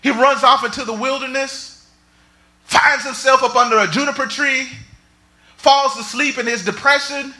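A man preaching a sermon, swinging between shouts and near whispers. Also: very high voice, fairly even intonation, normal speed. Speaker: pastor.

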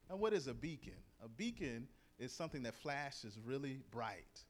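A middle-aged man preaching a sermon in a lively, conversational way, reading verses and telling stories. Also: medium pitch, a little fast, few pauses. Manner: lively, conversational, acts out quoted voices.

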